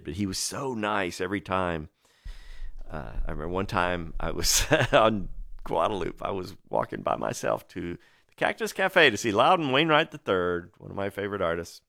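Low-voiced male radio DJ, chatty and enthusiastic storyteller. Dry, close studio mic. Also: expressive, brisk, gravelly, a bit bright, dry recording. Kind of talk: radio music show patter.

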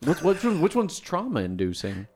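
A man's voice: on the high side, wildly swooping pitch, normal speed, darkish tone, a little hiss or hum. A man co-hosting a comedy radio show, talking in a playful, quizzical way.

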